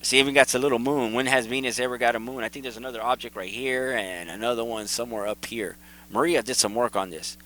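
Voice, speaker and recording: A man hosting his own video, casually and excitedly talking viewers through photos and repeating himself as he points things out. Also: mid-range voice, fast talker, a little hiss or hum, poor audio. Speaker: video host. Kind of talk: casual commentary over photos.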